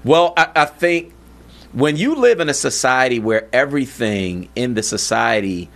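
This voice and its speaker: A man hosting a talk show, chatting in an animated way and often checking in with "you know what I'm saying". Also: medium pitch, moderate pace, vocal fry. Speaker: podcast host. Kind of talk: casual chat.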